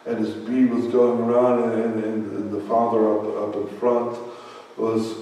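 A man's voice: medium pitch, level tone, slow pace, warm tone. A man preaching a sermon as pastor, telling a story with laughs and repeated words. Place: church hall. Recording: echoey hall, mic far off.

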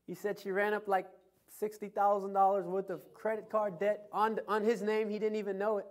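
A male pastor preaching a sermon, reading scripture and telling anecdotes, swinging from loud emphasis to soft asides. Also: sits high, flat delivery, a little fast. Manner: tells anecdotes with chuckles.

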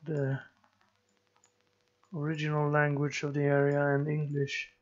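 A man giving slow let's play commentary, musing and thinking aloud as he plays. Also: fairly high pitch, monotone, highs cut off. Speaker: gameplay commentator.

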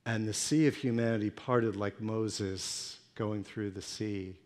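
A male pastor delivering an emotional first-person sermon monologue, moving between hushed storytelling and pleading intensity. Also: lowish voice, fairly even intonation, unhurried.

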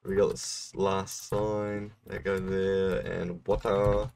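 A man's voice: low-pitched, level tone, slow pace, creaky, a little mellow, clean tone, distant mic. A young man streaming a game, casually explaining a build to a viewer and laughing now and then. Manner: laid-back explaining, laughs often. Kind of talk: casual gameplay commentary.

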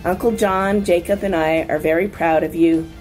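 A woman with a lowish voice speaking calmly and tenderly, taking her time. Faint music plays beneath her. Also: moderate pace, poor audio. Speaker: relative giving a graduation message. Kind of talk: heartfelt video message.

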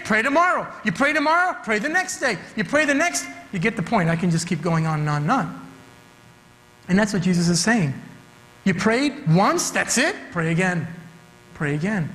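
A man's voice: sits high, very animated, moderate pace, a bit bright. A man preaching a sermon as youth director, emphatic and repeating his key phrases for weight. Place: church sanctuary. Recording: long church hall reverb.

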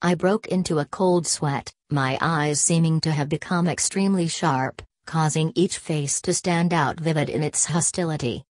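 Low-voiced woman narrating an audiobook. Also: normal speed, few pauses, no room sound. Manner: steady first-person reading. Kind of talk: scripted narration.

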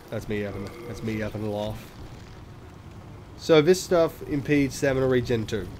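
A man's voice: on the low side, noisy background. A man hosting a let's play, giving casual gameplay commentary, swearing often and making self-mocking, chatty asides. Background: game music.

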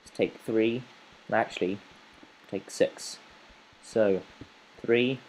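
A man's voice: on the low side, takes it slowly, a little mellow, slight background noise, low-quality recording. A man giving playful, rambling let's play commentary as a gaming channel host, chatting to the animals in his game.

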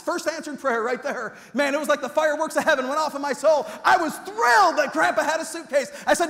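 A man with a very high, bright speaking voice, preaching to a church crowd. He tells his story with big animated swings and acts out every quoted voice. The sound rings with long reverb from the church hall. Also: fast talker, hardly any pauses. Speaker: youth pastor. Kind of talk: storytelling sermon. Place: church sanctuary.

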